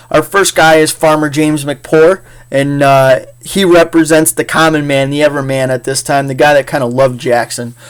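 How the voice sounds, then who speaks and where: A man teaching a casual history lecture in a chatty, jokey way with frequent fillers. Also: on the high side. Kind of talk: casual recorded class lecture.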